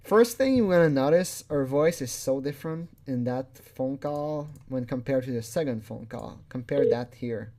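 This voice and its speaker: A man's voice: medium pitch, moderate pace, few pauses, warm tone. Chuckling man giving rambling commentary. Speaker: channel host. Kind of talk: casual video commentary.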